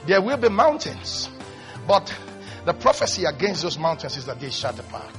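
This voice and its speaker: A male pastor delivering an energetic televised sermon, swinging from hushed to shouting. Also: on the high side, normal speed, faint music behind.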